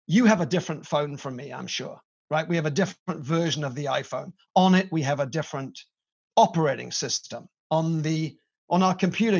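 A middle-aged British man speaks as a podcast guest, his voice set a little high and carrying a gravelly rasp. He tells his story with energy and playful emphasis. The recording sounds dull and lo-fi. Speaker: guest, company CEO. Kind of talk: podcast interview. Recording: dull lo-fi audio.

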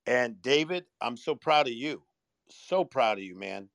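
A man's voice: medium pitch, lively intonation, measured pace, creaky, fairly bright tone, a little hiss or hum. A man chatting in an online audio room, enthusiastic and full of praise for the others.

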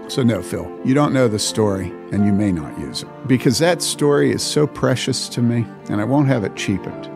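A man's voice: fairly low pitch, vocal fry. A man from the Chicago area, a pastor and podcast host, telling a personal story in an earnest, emphatic way and repeating phrases for stress. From Chicago area, USA.

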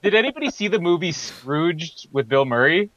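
A man's voice: fairly high pitch, expressive, normal speed, fairly bright tone, dull audio, slight background noise. A man co-hosting a podcast, chatting casually about a film and joking as he acts out bits of dialogue. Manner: chatty, jokey, acts out lines in put-on voices. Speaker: podcast co-host.

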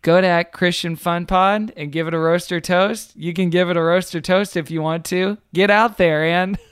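A man's voice: high-pitched, fairly even intonation, normal speed, smooth, no echo, clean studio sound. A man co-hosting a comedy podcast over a video call, joking and slipping into mock-solemn tones. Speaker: podcast co-host. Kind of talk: casual comedic chat.

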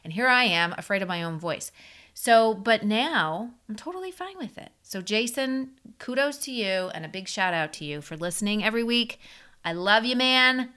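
A woman's voice: medium pitch, animated, normal speed, bright, forceful tone, smooth. A woman hosting her own podcast, talking alone in a rambling, upbeat, motivational way with frequent small laughs. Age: adult. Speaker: podcast host. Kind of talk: solo podcast monologue.

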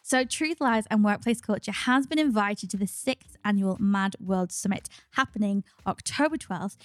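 A woman co-hosts a podcast in a chatty, upbeat way and laughs often. Her voice sits at a middle pitch. The recording is dry and close. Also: moderate pace, no echo. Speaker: podcast co-host. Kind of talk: casual podcast chat.

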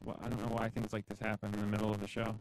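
A man's voice: lowish voice, completely flat delivery, rapid-fire, smooth, no room sound, low-quality recording. A man co-hosting a live podcast, easygoing and self-deprecating in casual banter. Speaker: podcast co-host.

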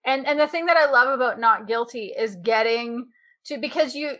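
A woman hosting a podcast, chatting casually with lively enthusiasm and the odd swear. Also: fairly high pitch, moderate pace. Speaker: podcast host.

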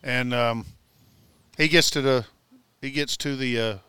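A man, a former pitcher, telling rambling anecdotes in casual conversation, laughing as he goes. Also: fairly even intonation, measured pace, sharp tone, clear, resonant tone, no room sound. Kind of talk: casual storytelling. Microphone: studio mic in radio booth.

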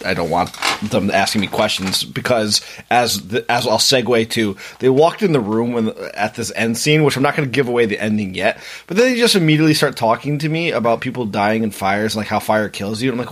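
A man's voice: mid-range voice, a little fast, slight background noise. A man in his thirties co-hosting a podcast, telling stories in a loose, swearing, chuckling way. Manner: animated storyteller, swearing, chuckling. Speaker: podcast co-host. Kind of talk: casual chat.

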